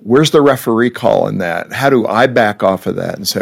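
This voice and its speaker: A man in his sixties hosting a conversation, asking questions and making playful, animated asides. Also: on the low side, a little fast, vocal fry. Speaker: host. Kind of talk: conversational radio interview.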